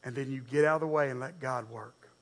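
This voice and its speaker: A man's voice: medium pitch, fast talker, creaky, fairly bright tone. A man preaching a sermon, speaking conversationally and addressing the congregation directly. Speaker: pastor.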